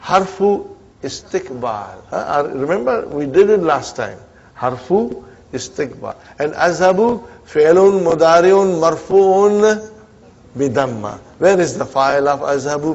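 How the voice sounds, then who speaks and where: A man's voice: a little high, breathy edge, muffled recording. A man teaching an Arabic grammar class, drilling students with repeated questions and frequent "huh?" prompts, mixing Arabic terms into his English. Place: community centre classroom.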